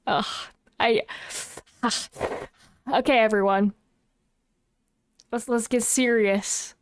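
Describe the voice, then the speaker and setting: A woman's voice: on the high side, fairly even intonation, very slow, pauses often, slight background noise. Chatty flustered young woman streamer. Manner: chatty, flustered, self-mocking. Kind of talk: casual livestream chat.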